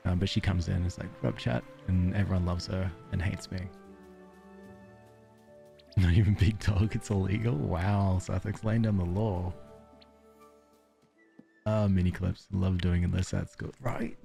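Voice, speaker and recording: Low gravelly Australian streamer, joking. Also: male voice, flat delivery, unhurried, pauses often, mellow, faint music behind. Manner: joking, self-deprecating, laughs often. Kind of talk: casual chat with stream viewers.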